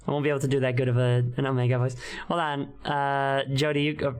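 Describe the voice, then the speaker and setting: Low-voiced giggly woman streamer. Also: level tone, fast, darkish tone, smooth. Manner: rambling and giggly, many fillers. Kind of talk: casual live-stream chat. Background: background music.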